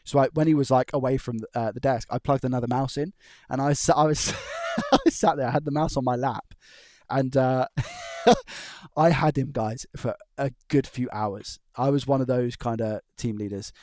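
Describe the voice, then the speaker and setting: Animated and a little mellow, a medium-pitched man talks at a moderate pace on his electronics repair stream from his room. He rambles, laughs softly, tells stories, and restarts his sentences; the recording is dry and studio quality.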